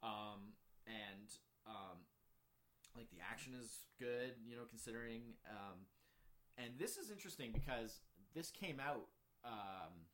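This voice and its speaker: Man, casual co-host chat, rambling, many fillers, excited pitch jumps. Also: takes it slowly. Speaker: co-host ranking films.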